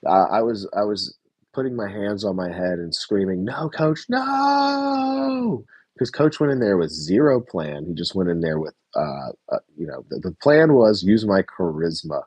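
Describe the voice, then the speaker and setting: A man's voice: low voice, animated, normal speed, darkish tone, husky, no room sound. A man casually reviewing a reality TV episode, rambling, correcting himself, swearing now and then and chuckling. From United States. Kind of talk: casual reaction review chat.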